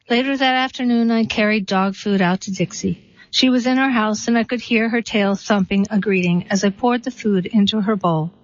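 Reading aloud steadily and without hurry, a woman performs a short story followed by a poem. Her voice is a little high, and the close, dry recording on a modest microphone sounds slightly dull with no echo.

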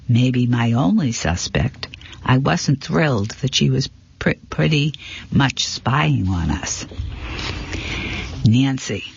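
A man narrating a first-person mystery novel in a steady reading voice, sometimes stumbling and correcting himself. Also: mid-range voice, gravelly, husky, muffled recording. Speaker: audiobook reader.

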